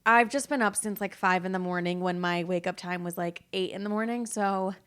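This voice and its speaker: A young woman hosting her own podcast in casual solo chat, tired, talking fast and swearing freely as she acts out the people she quotes. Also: medium pitch, fairly bright tone, smooth. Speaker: podcast host.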